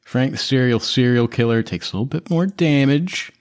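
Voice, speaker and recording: A man's voice: mid-range voice, moderate pace. A man running a tabletop game as game master, explaining rules casually with some swearing.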